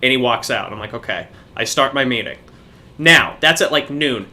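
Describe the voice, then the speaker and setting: A man's voice: mid-range voice, expressive, fairly quick, sharp tone. A young man, a podcast co-host, telling a profane story in casual chat.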